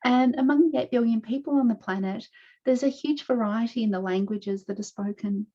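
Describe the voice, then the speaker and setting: Mellow-voiced Australian woman presenting. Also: a little high. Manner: measured, explanatory, walking through slides. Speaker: panelist presenting research. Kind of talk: online conference presentation. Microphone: video call. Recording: dull lo-fi video call audio.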